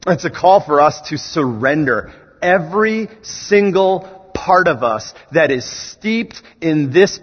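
Husky, animated male preacher in a hall. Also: fairly high pitch. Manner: emphatic, rhetorical questions, rising to rallying calls. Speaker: student ministries director preaching. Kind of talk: sermon. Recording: echoey hall, dull lo-fi sound.

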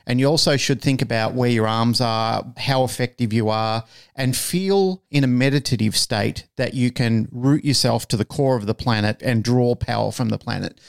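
A man's voice: mid-range voice, moderate pace, creaky, clear, resonant tone. A man co-hosting a podcast, telling a story casually and animatedly, swearing freely and acting out the lines he quotes. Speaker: podcast co-host.

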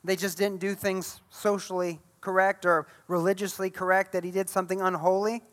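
A man with a high, light voice delivers a sermon to his congregation. He tells the Bible story with animated energy, slipping into the voices of the people in it. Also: moderate pace. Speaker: pastor.

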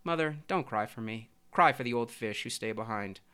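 A man voicing a small, brave young fish who speaks calmly and with self-assurance, like a lecturer. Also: mid-range voice, normal speed, smooth. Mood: earnest.

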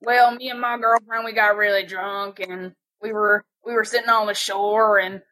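A woman voicing a dim-witted man who lost his boat while drunk, talking in a slow, fumbling way. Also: medium pitch, fairly even intonation, sharp tone, pitched below the performer's own voice, natural voice. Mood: dopey.

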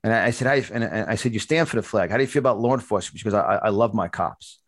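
A man's voice: on the low side, racing, dry recording. Preachy man host telling stories. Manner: animated, repetitive restarts, preachy. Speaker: podcast host and conservative speaker. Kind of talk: storytelling in a talk show. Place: studio.

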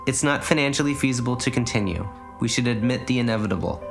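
A man's voice: mid-range voice, lively intonation, fast talker, gravelly, over music, pitched above the performer's own voice. A man voicing a tiny girl who is secretly sardonic and clever, with a small, wary voice. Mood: dry.

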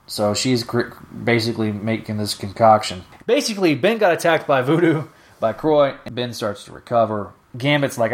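A man's voice: mid-range voice, expressive, normal speed. A man hosting a podcast alone, recapping a comic story in a rambling, self-correcting way. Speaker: podcast host. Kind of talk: casual solo comic recap.

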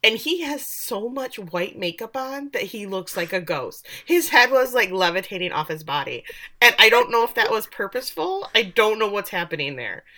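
A woman co-hosting a podcast, recapping a TV episode in casual chat, animated and sarcastic, swearing offhand. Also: medium pitch, moderate pace. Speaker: podcast co-host recapping a TV show.

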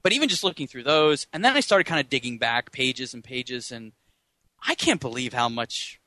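A man's voice: medium pitch, animated, moderate pace, bright, forceful tone, dry recording. A man co-hosting a movie podcast, chatting in a wry, reflective way. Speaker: podcast co-host. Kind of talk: casual movie podcast chat.

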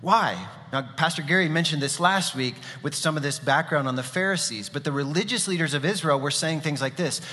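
Bright-voiced male pastor preaching in a hall. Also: on the high side, fairly quick, hardly any pauses. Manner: casual storytelling with fillers and asides. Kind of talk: sermon. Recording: long reverb of a large hall.

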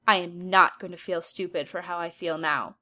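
A woman's voice: fairly low pitch, steady tone, normal speed, pushed and bright. A woman voicing an earnest twelve-year-old girl hero in a storybook reading, defensive and hurt.

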